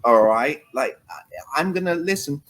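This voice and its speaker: A man's voice: fairly high pitch, normal speed, slight background noise, poor audio. A man, a communication coach, talking animatedly in an interview and acting out phone calls. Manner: lively, acts out phone calls, emphatic. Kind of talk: animated interview talk with acted examples.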